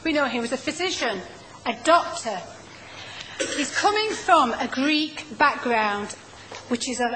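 A woman teaches a Bible study group at a deliberately slow, patient pace. Her voice sits a little high, and she keeps stopping to explain and to prompt readers. Light background noise runs under the room. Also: fairly bright tone, poor audio.

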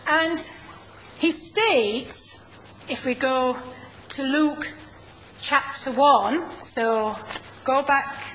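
Slow, patient woman teaching. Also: high-pitched, fairly bright tone, slight background noise, rough recording. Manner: slow, patient, explaining and prompting readers. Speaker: Bible class teacher. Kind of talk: teaching a Bible study class.

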